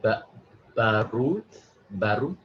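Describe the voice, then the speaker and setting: Male student, low voice, very slow and halting; dull call audio. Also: animated, a little hiss or hum. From Indonesia. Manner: slow, hesitant, repeats words while sounding them out. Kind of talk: language lesson practice.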